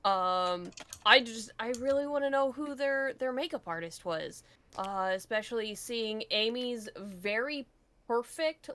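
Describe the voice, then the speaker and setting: A woman co-hosting a casual movie review chat, swearing freely and acting out her own reactions. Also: medium pitch. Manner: swears casually, animated retellings. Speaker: podcast co-host.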